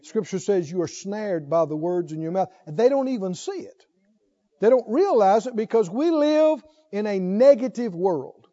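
A man's voice: high voice, expressive, normal speed, warm tone. A middle-aged man preaching a sermon, emphatic and full of rhetorical questions to the congregation. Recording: dull lo-fi recording.

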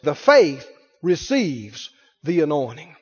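Here the preacher's voice is a little high, very animated and slightly rough, moving at a slow pace. Addressing the congregation, he stresses his points and acts out figures from the story, while the echoing church hall lends the recording a dull quality.

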